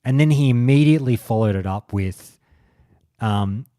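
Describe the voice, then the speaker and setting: A man's voice: mid-range voice, normal speed, mellow, no room sound, clean studio sound. A man in his forties hosting a podcast, rambling through a casual monologue in a blunt, profane way. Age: 40s. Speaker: podcast host.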